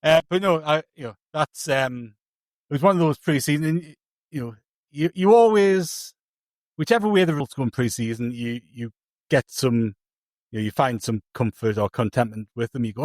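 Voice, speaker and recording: A podcast co-host with a mid-range voice speaks briskly on a recording with no room sound. In casual chat he rambles through stories, restarting and interrupting himself again and again.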